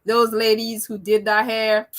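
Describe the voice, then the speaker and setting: A woman with a high, bright voice hosts a casual live chat. She reads viewer comments aloud, laughs easily, and keeps stopping to correct herself and apologize. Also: completely flat delivery, a little slow. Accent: non-American accent. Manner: chatty, laughs often, apologetic and self-correcting. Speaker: live stream host reading viewer comments.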